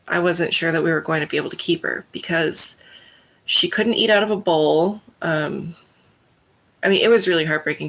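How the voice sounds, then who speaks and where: Gravelly woman chatting casually. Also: on the low side, fairly bright tone. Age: 30s. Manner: rambling and heartfelt, with many fillers. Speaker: live stream host. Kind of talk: casual chat.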